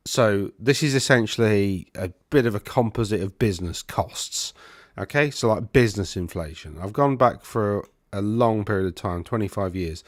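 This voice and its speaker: A man's voice: on the low side, no room sound, studio quality. A man, a financial planner, explaining economic charts in a casual, thinking-aloud way on his own microphone. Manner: conversational, loose and thinking aloud.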